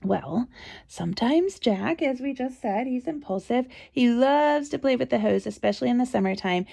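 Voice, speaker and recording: A woman's voice: fairly high pitch, lively intonation, normal speed, vocal fry, warm tone, husky. A woman hosting a podcast, telling a chatty, reassuring story about her own experience. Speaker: podcast host.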